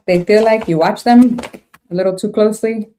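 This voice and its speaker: A woman's voice: mid-range voice, mellow, a little hiss or hum. A woman doing a casual tarot reading, thinking aloud with frank, laughing reactions. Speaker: tarot reader.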